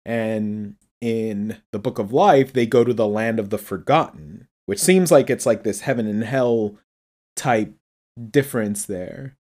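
A podcast co-host talking through a film in a relaxed, casual way, thinking aloud as they go. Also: mid-range voice, unhurried. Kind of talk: casual movie discussion.

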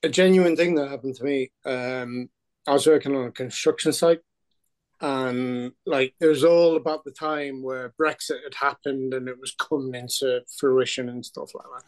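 An Irish man chatting on a comedy podcast. He tells his stories in halting bits and restarts his sentences often. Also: mid-range voice, fairly even intonation. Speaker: podcast contributor. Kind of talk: casual podcast chat.

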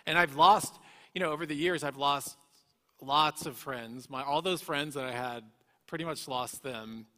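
A man's voice: a little high, normal speed, pushed and bright. A man giving an earnest, emotional personal testimony, often restarting his sentences as he tells his story. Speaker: guest speaker. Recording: echoey hall reverb.

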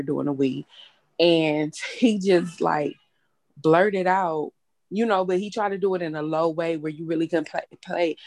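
A woman's voice: low voice, a little mellow, no echo. A young woman hosting a casual chat, talking bluntly and candidly and swearing freely. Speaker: host.

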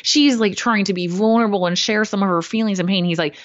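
A woman co-hosting a podcast in casual chat, animated and blunt, swearing casually and acting out what others said. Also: mid-range voice, fast talker, dry recording, muffled recording. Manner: animated, swears casually, acts out quoted voices. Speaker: podcast co-host.

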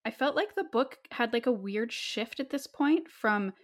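A woman's voice: on the high side, expressive, moderate pace. A young woman co-hosting a casual book discussion, sarcastic and swearing freely with lots of "like.".

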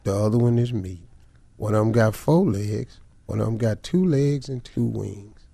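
A man's voice: lowish voice, moderate pace, vocal fry, warm tone, slightly rough. A man cohosting a radio show, joking wryly in studio banter, heard from off the mic.

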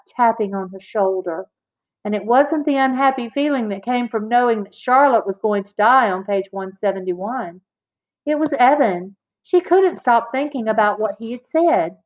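A woman narrating a children's chapter book aloud in a clear, expressive read-aloud manner. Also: medium pitch. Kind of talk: children's audiobook reading. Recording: slightly dull, lo-fi recording.

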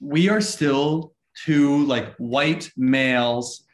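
A man's voice: mid-range voice, fairly even intonation, extremely slow. Man, casual chatter in a roomy space. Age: young adult. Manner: chatty, laughs often, quotes himself in a brighter voice. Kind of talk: casual chat. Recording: roomy room sound.

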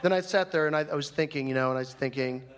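Racing along in a fairly high, close-to-everyday voice, a stand-up comic performs a live monologue in character. He's a flamboyant, fussy, chatty man griping about a grievance, rambling prissily and gossipily into a stage mic.

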